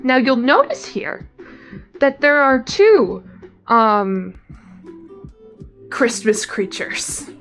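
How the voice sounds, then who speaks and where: A young woman talks casually on a live stream, her voice sitting slightly high. She rambles, piles on fillers and restarts her sentences as she goes. Faint music plays quietly underneath. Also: sing-song, extremely slow, long pauses. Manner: rambling, chatty, lots of fillers and self-corrections.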